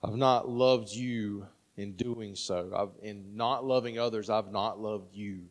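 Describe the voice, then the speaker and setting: A man's voice: fairly low pitch, steady tone, takes it slowly. Conversational male pastor in reverberant room. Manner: conversational, frequent "right?" asides. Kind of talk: sermon.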